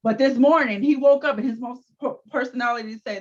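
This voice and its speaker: Animated woman recapping, lo-fi. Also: fairly high pitch, fast. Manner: animated recapping with acted-out quotes. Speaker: co-host. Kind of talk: casual chat. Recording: dull lo-fi sound.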